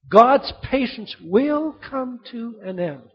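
Older man, preacher, sermon, very animated, dull recording. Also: extremely high pitch, slow, few pauses, slightly rough. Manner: animated, dramatic storytelling with sudden loud and soft swings. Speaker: pastor. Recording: dull lo-fi sound.

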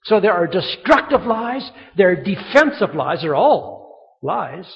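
Gravelly high-voiced man preaching in a hall. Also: measured pace. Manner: animated storytelling, acting out quoted voices. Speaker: pastor. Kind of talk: sermon. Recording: muffled sound in a reverberant hall.

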